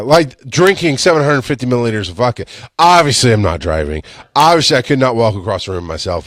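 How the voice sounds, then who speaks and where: A man hosting a podcast, telling a personal story in a casual, animated way, laughing and swearing, with sudden loud high-pitched outbursts. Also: no echo, studio quality. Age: adult with a young son. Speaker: podcast host.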